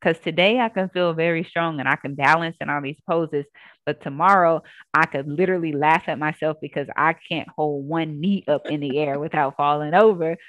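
A woman yoga instructor telling her story in a casual interview, earnest and animated, acting out what people said. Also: low voice, moderate pace, no echo.

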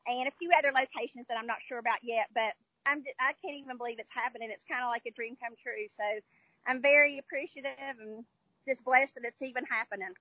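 A high, bright woman's voice with a Southern American twang tells stories in an upbeat, chatty way. The sound is dry and close, and she talks as a guest author in a casual interview. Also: fairly even intonation, quick pace, slightly rough, no echo, rough recording. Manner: chatty, upbeat storyteller with fillers. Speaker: children's book author, guest.

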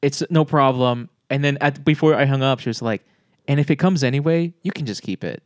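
A young man in casual chat, telling animated stories and acting out voices, with plenty of swearing. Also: mid-range voice, brisk, no echo, clean studio sound.

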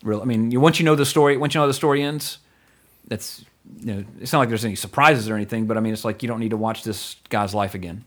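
A man's voice: fairly low pitch, quick pace. Male podcast host, casual, chatty, filler-heavy delivery. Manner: rambling, filler-heavy, laughs easily.

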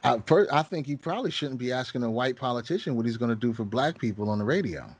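A man's voice: medium pitch, lively intonation, fast, breathy edge. A man co-hosting a podcast, talking in a hesitant, stammering, thoughtful way. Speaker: podcast co-host. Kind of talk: casual podcast debate.

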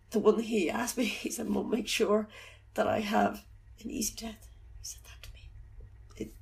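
A middle-aged woman telling of her loss in an interview. She talks haltingly and softly, often searching for words. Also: medium pitch, vocal fry. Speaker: bereaved mother telling her story. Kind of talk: personal account in an interview.

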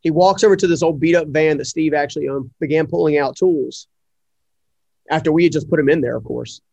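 A middle-aged man, an entrepreneur, telling a personal story in an interview, animated and full of fillers as he acts out the dialogue. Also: fairly high pitch, brisk, creaky, breathy edge, no room sound. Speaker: entrepreneur guest. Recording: dry, slightly muffled audio.

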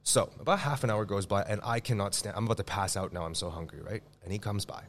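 A man, a guest chef, telling a profane, animated story in casual podcast chat. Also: on the low side, fast talker. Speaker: guest chef and restaurant owner.

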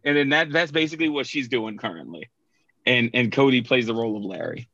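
A man's voice: mid-range voice, brisk, fairly bright tone, dry recording, lo-fi sound. A man co-hosting a podcast in casual chat, making dry, sardonic remarks. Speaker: podcast co-host.

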